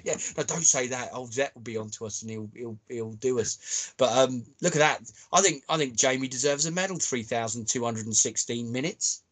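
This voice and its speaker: Man, from the UK, podcast co-host, laid-back banter, reads comments aloud, mid-pitched voice. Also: fairly quick, a bit bright. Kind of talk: casual chat, reading listener messages.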